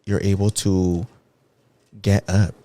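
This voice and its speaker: Man, podcast co-host, very low voice, blunt, laid-back, dry close sound. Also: flat delivery, slow pace, warm tone, no room sound. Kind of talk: casual chat.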